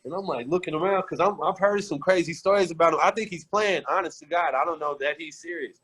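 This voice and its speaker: A man guest on a sports podcast, telling candid, profane stories in an animated, casual way. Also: a little high, fast, slightly rough, rough recording. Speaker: podcast guest, former pro basketball player. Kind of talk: casual storytelling.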